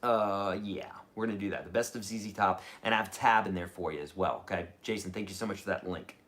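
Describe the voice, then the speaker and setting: A middle-aged man teaching guitar on a live stream and answering viewers' questions. He talks in an animated, chatty way and keeps checking in with "okay?". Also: sits low, fast talker.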